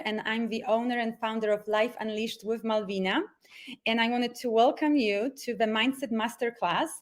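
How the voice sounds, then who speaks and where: A woman with a fairly high voice hosts a live online masterclass as a mindset coach. She sounds upbeat and encouraging and fills short pauses with um and uh. Her voice comes through a video call microphone. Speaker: mindset coach hosting a webinar.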